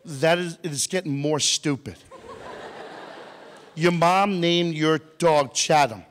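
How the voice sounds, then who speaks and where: A man's voice: on the high side, slow pace, slight background noise. A man telling a funny story to a live audience as a motivational speaker, teasing people in the crowd. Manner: animated, jokey, teases audience members. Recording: long hall reverb.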